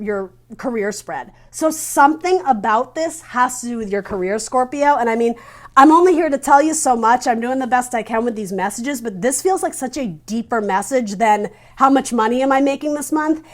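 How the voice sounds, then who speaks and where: A woman's voice: high voice, expressive, moderate pace. A woman giving a casual spoken tarot reading. She speaks earnestly and straight to the viewer, thinking aloud and searching for her words. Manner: earnest, addresses the viewer directly. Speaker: tarot reader.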